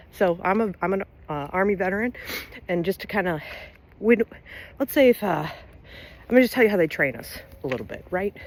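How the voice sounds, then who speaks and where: A woman's voice: lowish voice, slightly rough. A woman with a Southern US accent talking straight to camera in a casual rant, laughing often, blunt and profane, with sudden bursts of emphasis. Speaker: LGBTQ resource center director and Army veteran.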